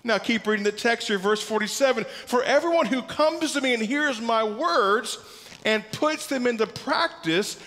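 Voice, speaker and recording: High-pitched preacher guy, punchy and emphatic, lots of questions to the crowd, echoey church hall. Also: normal speed, fairly bright tone. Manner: emphatic, repeats key words, asks the congregation questions. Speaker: pastor. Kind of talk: sermon. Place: church sanctuary.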